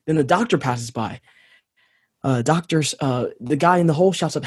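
Telling a parable on a podcast he co-hosts, a man chats casually and acts out the characters' voices. His voice is husky with a fairly high pitch, and he speaks at a moderate pace.

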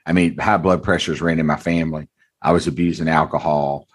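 Man, 40s, dealership owner. Deep, husky, candid storyteller. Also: fairly even intonation, a little fast. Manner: earnest, blunt, folksy, calls host brother. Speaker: car dealership owner, interview guest.

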